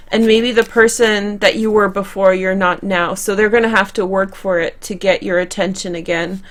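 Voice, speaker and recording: A young woman reading tarot cards for her viewers in a chatty, conversational way, often restarting and correcting herself. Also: mid-range voice. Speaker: tarot reader. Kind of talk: tarot card reading to camera.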